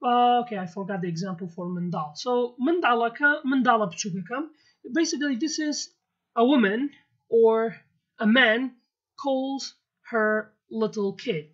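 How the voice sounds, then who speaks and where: A woman's voice: a little high, measured pace. Kurdish-accented woman teaching vocabulary. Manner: explains word by word, repeats terms, many fillers and okays. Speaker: language teacher. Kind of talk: explaining vocabulary in a video lesson. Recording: dull lo-fi audio.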